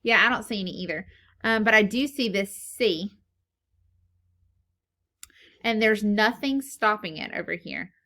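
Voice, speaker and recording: A woman's voice: mid-range voice, normal speed, bright, forceful tone. A woman teaching a phonics lesson to young children, patiently asking questions and then answering them herself.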